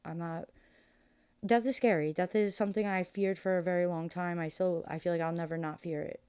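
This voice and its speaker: Low-voiced woman, candid and rambling. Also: fairly even intonation, fairly quick, a little mellow, clean tone. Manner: emotional, rambling, lots of "like" fillers. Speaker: guest. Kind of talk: candid interview conversation.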